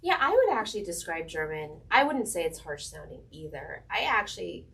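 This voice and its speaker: A woman's voice: lowish voice, very animated, brisk, vocal fry, sharp tone. A woman interviewing a fellow author, asking long, enthusiastic, rambling questions. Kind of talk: casual conversational interview. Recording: voice a bit distant from the mic.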